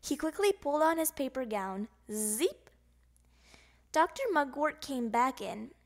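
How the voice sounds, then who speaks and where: A woman narrating a children's picture book in an expressive, sing-song way. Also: high-pitched, measured pace. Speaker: storybook narrator. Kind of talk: children's audiobook reading.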